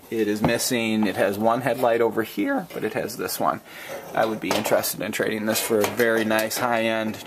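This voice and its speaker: Casual vlogger, male, Minnesota accent, rambly and gripey, middle pitch, faint noise behind. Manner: rambling and chatty, with frequent fillers and self-corrections; gripes with mild swearing. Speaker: collector selling and trading items. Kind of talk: casual unscripted vlog.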